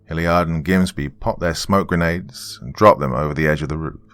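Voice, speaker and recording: A man narrating a first-person military horror story in a grave, measured storytelling manner. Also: extremely low pitch, no echo. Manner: grave, measured storytelling with shouted quoted lines.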